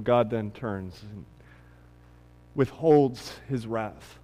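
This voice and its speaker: A man preaching a sermon with animated delivery, his voice climbing high and loud at its peaks. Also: extremely slow, in a large hall. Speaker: pastor.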